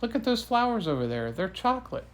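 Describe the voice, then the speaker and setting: A man's voice: high-pitched, very animated, fast talker, voice pushed up. A man doing a cheery chatty unicorn guide.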